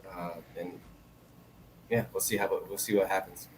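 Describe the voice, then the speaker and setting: A man in his forties, chatting as a guest in short, laid-back answers. His voice sits fairly low, with a faint hiss behind it. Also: fairly even intonation, moderate pace, rough recording. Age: 40s. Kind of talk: casual chat.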